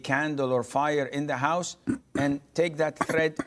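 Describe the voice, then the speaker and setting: A man giving a religious lecture, speaking haltingly in a clip that is played back. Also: on the high side, steady tone, fairly bright tone. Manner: slow, halting delivery.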